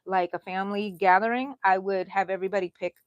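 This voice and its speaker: A woman's voice: medium pitch, fairly even intonation, fast, dry recording, dull audio. A middle-aged woman hosting a crochet livestream, chatting in a rambling way and talking to herself as she works. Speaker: crochet channel host. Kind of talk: casual chat during a livestream.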